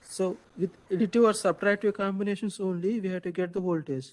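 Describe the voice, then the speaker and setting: A man lecturing to a class in a fairly high voice. He keeps quizzing his students, echoing their answers back and tagging "right?" onto his points. His talk is loose and full of "so". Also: steady tone, a little fast.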